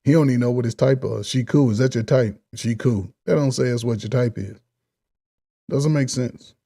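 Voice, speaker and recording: A man giving blunt, animated reaction commentary on a dating show clip, talking in casual slang. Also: mid-range voice, moderate pace, vocal fry.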